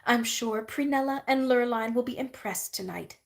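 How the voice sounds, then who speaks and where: A woman voicing a bossy grown sister who talks in a brisk, commanding way. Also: a little high, creaky.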